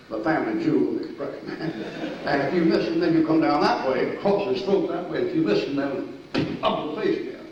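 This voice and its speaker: An older man preaching a sermon, telling army stories in a folksy, animated way, with sudden shouts and laughs. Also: fairly high pitch, a little hiss or hum. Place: church sanctuary. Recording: echoey distant church recording, dull and lo-fi.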